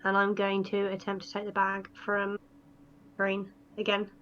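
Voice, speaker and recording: A woman's voice: mid-range voice, completely flat delivery, unhurried, lo-fi sound, a little hiss or hum. A woman playing a tabletop game, rambling through her moves with fillers and giggles. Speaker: player. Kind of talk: casual tabletop play.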